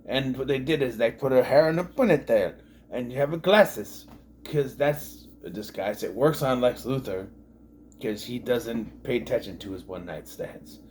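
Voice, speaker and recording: A man's voice: medium pitch, moderate pace, darkish tone, a little hiss or hum. Rambling, sarcastic man recapping a show. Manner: rambling and sarcastic, with many fillers and asides. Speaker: TV show reviewer. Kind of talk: casual recap commentary.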